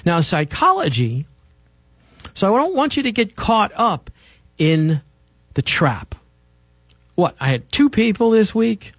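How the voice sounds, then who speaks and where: A male talk-show host delivers an insistent, preachy health monologue and keeps driving his points home. His voice sits a little high. The audio is dull and lo-fi, with a dry, close sound. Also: big pitch swings, slow, no echo. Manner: emphatic, preachy, insistent repetition.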